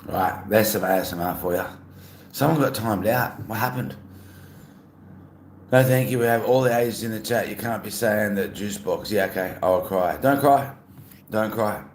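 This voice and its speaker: A man's voice: fairly low pitch, normal speed. A man casually chatting to his live-stream chat, playful and reading messages aloud. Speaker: livestreamer. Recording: echoey room, faint ambient noise.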